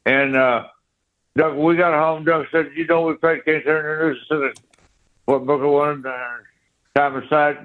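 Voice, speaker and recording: A man's voice: fairly high pitch, steady tone, unhurried. An older man, a guest guitarist, telling rambling anecdotes in a casual interview and scatting riffs aloud. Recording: tinny phone line.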